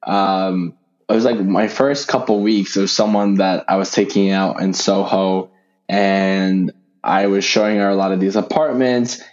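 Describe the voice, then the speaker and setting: A young man telling a story in casual chat, relaxed and full of "you know" fillers. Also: low-pitched. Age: young adult. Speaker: podcast co-host. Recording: dull lo-fi sound.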